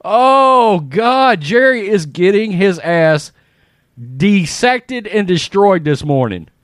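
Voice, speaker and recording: Lively high-voiced man laughing through commentary. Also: takes it slowly, no echo. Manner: animated, laughing, exclaiming. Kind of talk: casual commentary reading social media posts aloud.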